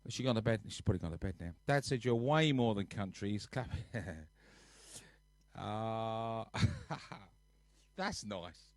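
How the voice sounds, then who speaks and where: His voice sits lowish and a little mellow, and he takes it slowly with frequent pauses, captured in a dry recording. The man, a live-stream host and musician, chats casually from his sofa at home, rambling on and reading viewer comments aloud to his audience.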